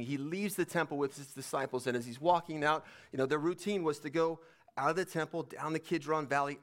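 A man's voice: a little high, fairly bright tone. A man preaching a sermon, reading scripture aloud and then explaining it in a conversational way. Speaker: pastor.

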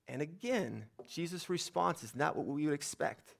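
A man's voice: a little high, fairly quick, vocal fry, few pauses. A man preaching a sermon, reading scripture aloud and then explaining it in a conversational way. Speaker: pastor.

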